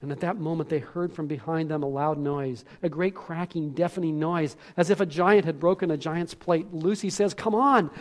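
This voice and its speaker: A man's voice: a little high, fairly even intonation, normal speed, few pauses, darkish tone. A man preaching a sermon, telling a story earnestly and often repeating words.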